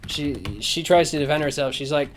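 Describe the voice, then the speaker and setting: A man's voice: a little high, steady tone, brisk, slight background noise. A man ranting casually on a podcast, sarcastic and profane, rambling with lots of fillers, close to the mic. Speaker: podcast host. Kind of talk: casual rant. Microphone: close microphone.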